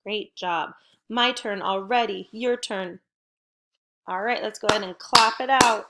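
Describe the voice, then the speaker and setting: Her voice is medium in pitch, pushed and bright, as this middle-aged woman teaches first graders through a recorded home lesson. She's encouraging and upbeat, pacing her words slowly and clearly for the kids.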